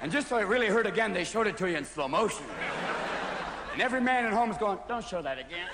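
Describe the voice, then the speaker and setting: A man's voice: high-pitched, animated, fast talker, long reverb tail. A man doing a live stand-up routine, jumping between manic character voices and sound effects. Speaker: stand-up comedian. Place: comedy stage before a live audience. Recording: loud audience laughter and crowd noise.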